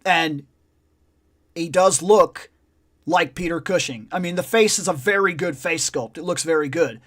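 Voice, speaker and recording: A man hosting a casual live chat show, telling stories in an animated way and swearing a lot. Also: a little high, unhurried. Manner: profane, animated storytelling. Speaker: podcast host.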